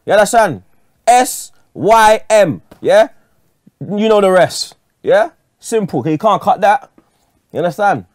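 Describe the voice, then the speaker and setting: A man's voice: high voice, lively intonation, a little slow, no echo, clean studio sound. A man ranting furiously as a fan pundit, swearing and ending lines with street slang. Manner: angry, swearing, street slang at every line end. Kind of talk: heated fan rant.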